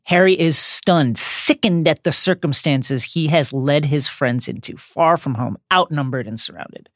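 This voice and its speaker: A man's voice: a little high, a little slow, fairly bright tone, dry recording, clean studio sound. A man co-hosting a podcast, retelling and reading scenes with dramatic, rising emphasis. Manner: builds tension with rising, emphatic phrasing. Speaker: podcast co-host.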